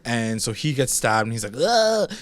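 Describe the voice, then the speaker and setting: Animated swearing man recapping a show. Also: lowish voice, a little fast. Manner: animated, swears a lot, acts out character quotes. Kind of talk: casual TV recap chat.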